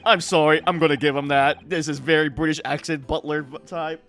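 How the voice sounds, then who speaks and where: A man's voice: fairly high pitch, level tone, a little fast, hardly any pauses, a bit bright, faint music behind. A man streaming a video game, reacting with amused, laughing commentary. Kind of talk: playthrough commentary.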